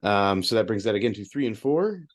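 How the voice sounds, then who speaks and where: A man with a fairly low voice co-hosts a sports betting podcast. He runs through his picks in quick, upbeat bursts in a casual chatty tone. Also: sing-song. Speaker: podcast co-host reading betting results.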